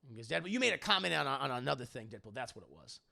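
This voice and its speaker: A man chatting casually on a livestream, swearing freely and loudly imitating game lines. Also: mid-range voice, very fast, creaky, dry recording, clean studio sound. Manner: profane, animated, quoting game lines in loud voices. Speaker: streamer answering viewer questions.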